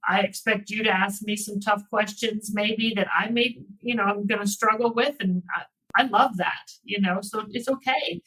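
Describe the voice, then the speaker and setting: A woman working in private school admissions, talking through interview tips in a relaxed panel discussion, with frequent restarts. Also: medium pitch, poor audio. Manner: warm conversational storytelling with many restarts.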